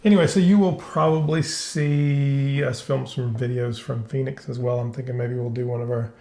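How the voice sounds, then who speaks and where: Laid back guy cohost, gravelly voice, kinda teasing, sounds like hes in an echoey room. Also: mid-range voice, fairly even intonation, moderate pace, mellow. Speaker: co-host. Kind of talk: casual chat.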